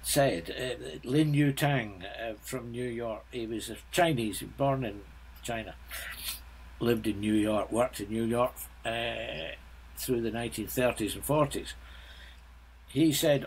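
Older man in his seventies, a guest, blunt and halting, slow and unhurried delivery. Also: medium pitch, breathy edge, low-quality recording. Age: 70s. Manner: halting, blunt, frequent restarts. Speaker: guest composer. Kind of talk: casual interview chat.

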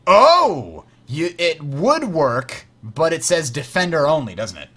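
A man's voice: fairly high pitch, lively intonation, a little slow, fairly bright tone, slightly rough. A man hosting a game tutorial, explaining rules step by step while playing, correcting himself with frequent fillers. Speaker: host teaching a board game.

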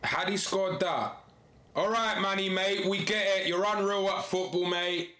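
A young man giving casual, excitable reaction commentary full of slang. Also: sits high, unhurried, roomy sound, a little hiss or hum. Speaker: YouTuber reacting to match footage.

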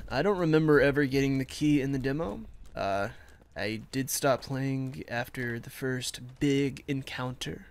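A man's voice: medium pitch, unhurried, clean tone. A man streaming a war game, chatting casually with rambling, self-mocking asides and reading the game's text aloud. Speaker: gameplay streamer.

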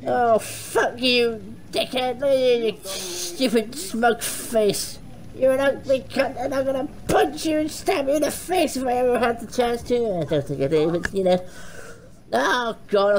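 A woman host giving foul-mouthed, excitable let's play commentary, shouting insults at the game. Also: fairly high pitch, a little hiss or hum, poor audio. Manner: excitable, frequent panicked outbursts. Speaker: gaming channel host.

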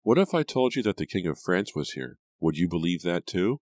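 A man's voice: low voice, big pitch swings, a little fast, darkish tone, no echo, pitched above the performer's own voice. A man voicing a spoiled, teasing teenage heiress with a catty, sneering edge.

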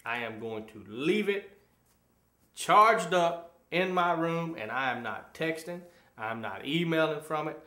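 A man co-hosting a casual talk show, with a fairly high, bright voice that swings up and down a lot. He talks in bursts, tripping over restarts. The room adds a clear echo. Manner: animated, halting with restarts. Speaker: co-host. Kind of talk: casual chat. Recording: echoey room.

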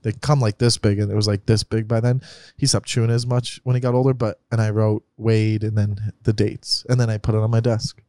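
A man who is a comedian, chatting as a podcast guest in a loose, halting way. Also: lowish voice, little pitch movement, dark tone, no room sound. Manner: loose, halting talk with restarts and laughs. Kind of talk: casual chat.

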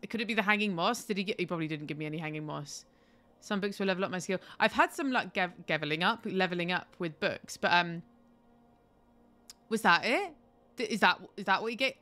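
A woman's voice: fairly low pitch, bright, forceful tone. A woman live-streaming a game from home on a headset, chatty and swearing, with laughing asides.

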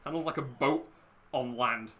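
A man's voice: medium pitch, moderate pace, a bit bright. A man playing a racing game, rambling, laughing often and swearing a lot. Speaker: gamer commentating his play. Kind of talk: casual gaming chat.

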